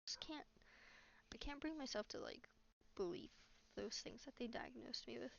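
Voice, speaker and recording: A young woman venting in a casual, rambling monologue, halting often, swearing a lot and dropping to a near whisper. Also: a little high, creaky, a little hiss or hum. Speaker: vlogger. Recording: dull lo-fi recording.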